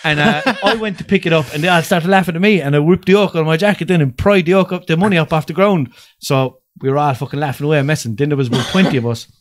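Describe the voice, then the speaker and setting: A young Irish man, a podcast guest, telling a story in casual chat, animated and swearing freely. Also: fairly high pitch, fast, few pauses.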